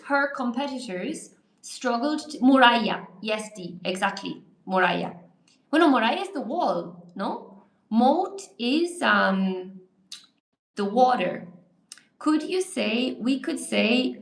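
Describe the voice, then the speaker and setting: A woman's voice: a little high, fairly bright tone, roomy sound. An Irish woman teaching English on a live stream, chatting through viewer comments aloud and answering them. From Ireland.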